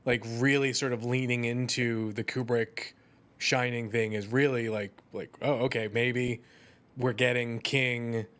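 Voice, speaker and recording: A man's voice: mid-range voice, fairly even intonation, unhurried, fairly bright tone. Opinionated man in a casual podcast chat. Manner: opinionated, thinks aloud with fillers. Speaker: podcast co-host.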